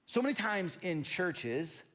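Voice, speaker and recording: Animated, high-voiced male pastor preaching. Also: slow pace. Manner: energetic, animated, repeats and restarts words. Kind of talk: sermon.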